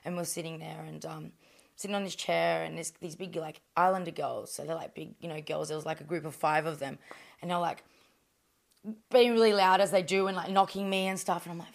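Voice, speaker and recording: An Australian woman telling stories as a podcast guest, animated and blunt, with plenty of swearing. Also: fairly low pitch, fast talker, gravelly. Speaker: guest, professional boxer. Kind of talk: casual storytelling.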